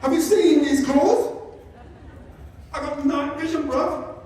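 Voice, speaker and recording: A swaggering male street cat from the alleys, full of bravado, as a man puts him on with an East London accent, pitched high and punchy. The voice rings around a big echoey hall, picked up from far off with a faint hiss behind it. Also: slow pace. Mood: defiant. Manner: cocky, defiant street slang. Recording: echoey hall, distant mic.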